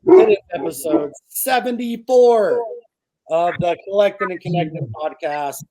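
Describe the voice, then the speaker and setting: A man's voice: high voice, a little slow, a crowd in the background, low-quality recording. A man hosting a casual podcast, opening the show as an upbeat, jokey emcee. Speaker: podcast host.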